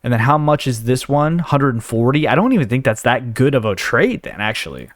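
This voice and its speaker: Very animated and fairly quick, this host's mid-range voice comes through a dry recording. It's casual let's play commentary: he rambles and thinks aloud while sorting his inventory, hiccuping as he goes.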